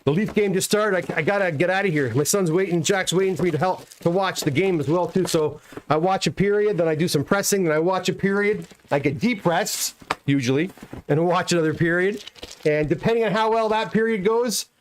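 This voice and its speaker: Chatty middle-aged man, slightly high. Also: fairly quick, slight background noise. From Canada. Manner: chatty and self-deprecating, reads out comments and answers each one. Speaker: comic book pressing business owner streaming a live unboxing. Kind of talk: casual live-stream chat reading viewer comments aloud. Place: home workshop.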